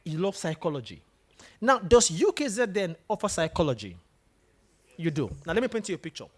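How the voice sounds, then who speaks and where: In a lecture room, a guest speaker whose voice sits high talks fairly quickly to students, aiming to motivate them. He sounds lively, with plenty of rise and fall in his voice, telling stories and repeatedly questioning the room.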